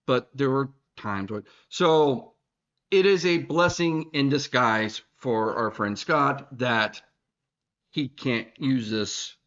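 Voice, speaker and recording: A man's voice: mid-range voice, slow pace, a bit bright. A man co-hosting a podcast in casual chat, rambling and teasing, with lots of restarts, on a slightly dull recording. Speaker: podcast co-host. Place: recording room in Boston.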